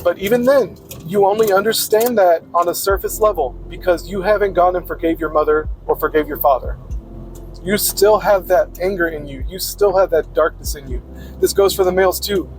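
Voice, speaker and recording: A man with a high-pitched voice talks in a blunt, preachy monologue and swears freely. Music plays clearly behind him. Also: normal speed. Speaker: podcaster. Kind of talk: casual monologue.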